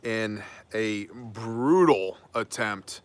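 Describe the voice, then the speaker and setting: A man's voice: on the low side, very slow. A man delivering an opinionated daily news monologue, emphatic and preachy, with wry asides. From United States. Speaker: prepper news commentator.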